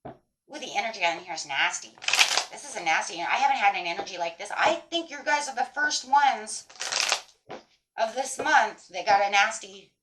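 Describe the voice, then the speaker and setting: A woman's voice: mid-range voice, heavy background noise. A woman giving a tarot reading in a blunt, emphatic way, swearing freely as she talks straight to her viewers. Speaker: tarot reader.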